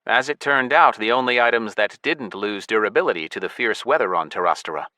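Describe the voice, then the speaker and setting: A male narrator reads a first-person adventure in a steady, measured way. His voice is bright and mid-pitched, recorded close and dry with no room sound. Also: no room sound. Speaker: audiobook narrator. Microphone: close studio mic.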